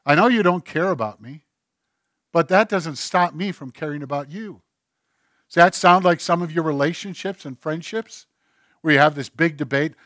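A man in his pulpit preaching, his voice sitting a touch high for a man. He dips to near-whispers and swells back up to emphatic points. The sound is dry and close, with no room echo. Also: normal speed. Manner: swings between hushed and emphatic, acts out God's voice. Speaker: pastor. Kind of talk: sermon.

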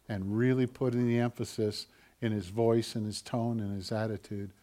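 A man preaching a sermon as pastor, shifting between quiet, heavy emphasis and louder urgent passages, with rhetorical questions to the listeners. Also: mid-range voice, flat delivery, moderate pace.

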